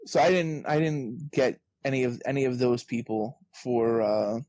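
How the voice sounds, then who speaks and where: Male podcast guest, animated storyteller, dry close sound, mid pitch. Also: moderate pace, no echo. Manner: animated storyteller, acts out quoted exchanges. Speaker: interview guest, author. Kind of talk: casual podcast conversation.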